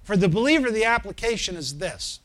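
A man with a notably high voice delivers a sermon as a pastor. He builds into emphatic, forceful swells and keeps turning to the congregation with questions to check that they are following. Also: sing-song, a little fast.

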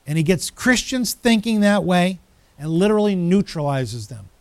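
A man's voice: high-pitched, big pitch swings, normal speed, a little mellow, dry recording. A man preaching a sermon as pastor, emphatic, building through repeated phrases.

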